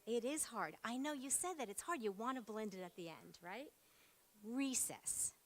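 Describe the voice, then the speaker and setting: With a slightly high, animated voice at a moderate pace, a woman leads a classroom phonics demonstration in a school meeting room. She keeps things positive, prompting in short words.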